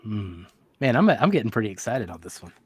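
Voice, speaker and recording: Male host, playful and teasing, relaxed casual chat. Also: on the low side, a little fast, breathy edge, no room sound. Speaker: host of a whiskey tasting show.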